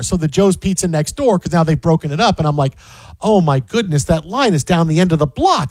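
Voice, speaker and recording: Higher-pitched guy ranting on a sports talk show, tripping over his words, dry close mic. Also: quick pace, dry recording. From Detroit area. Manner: animated, ranting, repeats himself, laughs often. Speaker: sports radio co-host. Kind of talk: casual sports talk banter.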